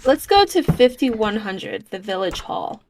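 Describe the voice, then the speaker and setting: A woman's voice: medium pitch, big pitch swings, measured pace, a little mellow, a little hiss or hum. A woman playing a board game, chatting casually and teasing. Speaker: player.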